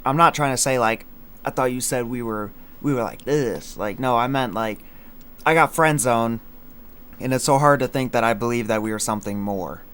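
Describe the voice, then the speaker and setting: A man's voice: medium pitch, moderate pace, a bit bright, clean tone. A young man in casual livestream chat, rambling with many fillers and slang as he breaks down his own song lines. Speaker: streamer explaining his song.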